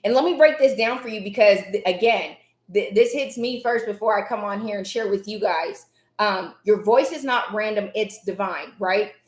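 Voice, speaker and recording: A woman hosting a live self-help stream, speaking earnestly in repeated, emphatic affirmations, her voice a little raspy at times. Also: medium pitch, normal speed, reverberant. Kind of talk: motivational live-stream talk.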